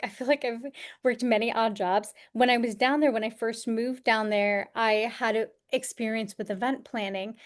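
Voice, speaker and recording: A talkative woman from upstate New York chats as a podcast guest, her voice sitting a little on the high side. She tells her stories in an animated, rambling way, speaking over a video call. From Poughkeepsie, New York. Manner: chatty, animated storyteller. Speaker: podcast guest, career coach and actor. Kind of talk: casual interview chat.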